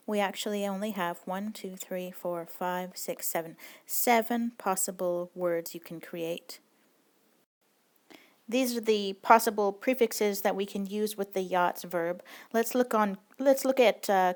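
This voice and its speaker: A woman's voice: medium pitch, unhurried. A woman teaching a recorded language lesson, explaining rules patiently and step by step.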